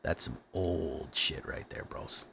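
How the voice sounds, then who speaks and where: A young man with a fairly low voice hosts a casual live stream of a card game. He jokes, hypes up his plays and chats straight to his viewers. A faint hum of noise sits behind him. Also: slow pace, vocal fry. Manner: excitable, joking, talks to chat.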